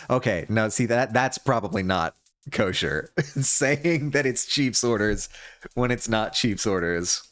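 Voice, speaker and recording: Narrating his gameplay live, a man jokes at his own expense with the audience and keeps bursting into laughter over game music. His fairly low voice is lively in intonation and a bit bright, unhurried, in a dry recording.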